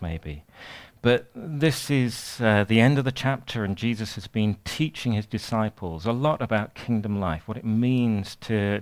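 A man preaching a sermon in a conversational way, retelling a parable with animated asides. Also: fairly low pitch, dry recording.

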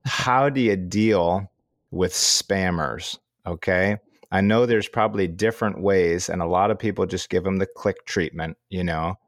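A middle-aged man with a low voice chats on his podcast, taking his time over a story and often chuckling. The recording is dry and close. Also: a little slow, dry recording. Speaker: podcast co-host. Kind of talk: casual chat.

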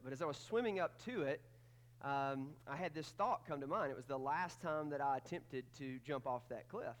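A man's voice: medium pitch, moderate pace. A man, preaching a sermon as pastor in a casual, folksy storytelling way with many fillers.

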